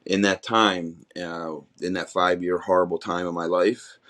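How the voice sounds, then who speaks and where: A man's voice: low-pitched, level tone, a little slow, fairly bright tone. A middle-aged man, a podcast guest, candidly telling his life story in a raw, rambling way with many restarts.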